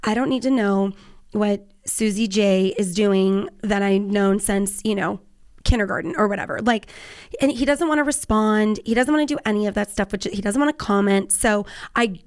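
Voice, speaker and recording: A woman's voice: medium pitch, normal speed, darkish tone. A woman in her forties with a Californian accent, hosting a podcast in casual chat, talkative, laughing often and swearing offhandedly. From Southern California. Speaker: podcast host.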